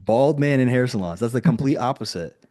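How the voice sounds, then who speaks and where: A man of medium pitch and dark tone speaks a little fast and expressively as he coaches a group video call. He stays casual, uses "like" constantly, and acts out quoted dialogue.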